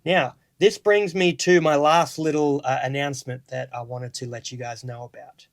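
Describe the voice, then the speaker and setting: On his vlog, a young Australian guy tells a casual story at normal speed in a mid-range voice. He animatedly performs what the people he met said, relaying their words as quotes.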